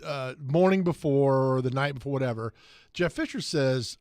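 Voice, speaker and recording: A man hosting sports talk radio, telling animated anecdotes and laughing as he goes. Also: medium pitch, normal speed, no echo, clean studio sound. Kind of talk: casual sports talk storytelling.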